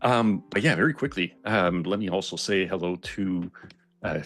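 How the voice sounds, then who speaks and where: A man's voice: deep voice, normal speed, a bit bright, faint music behind. A man co-hosting a live stream, chatting in an easygoing way and greeting viewers. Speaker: co-host. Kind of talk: casual live-stream chat.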